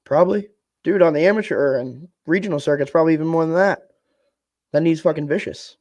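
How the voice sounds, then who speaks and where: A man's voice: fairly high pitch, fast talker, darkish tone, no echo. Laid-back young man, dry close sound. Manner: rambling, laid-back, swears casually. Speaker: podcast co-host. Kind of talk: casual fight-talk chat.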